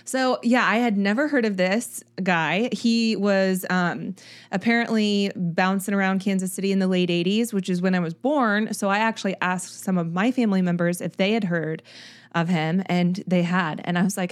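A woman, hosting a casual true-crime podcast in a chatty, animated way. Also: medium pitch, normal speed. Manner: chatty, animated, self-deprecating. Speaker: podcast host.

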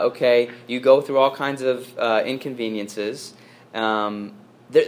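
A man's voice: on the low side, slight background noise. A priest delivering a sermon to his congregation, earnest and emphatic, with frequent fillers and restarts.

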